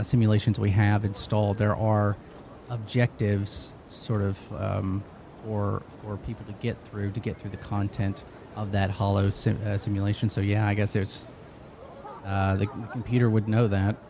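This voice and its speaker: A man with a fairly low voice plays a crew officer in a tabletop game. He rambles, restarting his sentences, over faint background noise. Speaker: player. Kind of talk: tabletop role-play.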